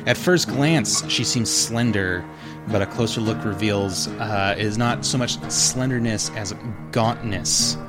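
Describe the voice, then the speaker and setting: A male game master narrates a tabletop scene in a low, unhurried voice with frequent "uh" fillers. Music plays clearly in the background. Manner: descriptive, with filler "uh".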